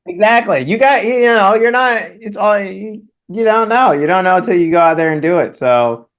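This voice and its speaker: A man's voice: high-pitched, lively intonation, moderate pace, fairly bright tone. A man co-hosting a podcast in casual chat, rambling with many fillers. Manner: rambling, full of "you know" fillers. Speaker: podcast co-host.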